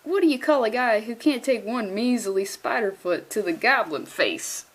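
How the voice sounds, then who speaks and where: A woman's voice: a little high, expressive, normal speed. A woman voicing a cocky teenage boy superhero who throws out teasing quips.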